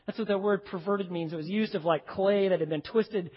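A male pastor preaching a sermon, emphatic, dropping to hushed low phrases and speaking straight to his congregation. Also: brisk, husky. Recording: dull recording with long hall reverb.

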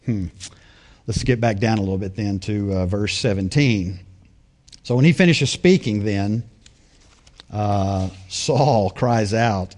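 A man's voice: on the low side, slow, long pauses, darkish tone. A man preaching a sermon in a conversational way, often asking his listeners rhetorical questions.

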